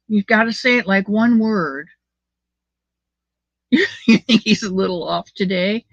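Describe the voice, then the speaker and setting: Her voice is mid-range and unhurried, and she pauses often as she reads the chat aloud. The older woman is hosting a casual, affectionate livestream from home, captured in a dull, dry, lo-fi recording.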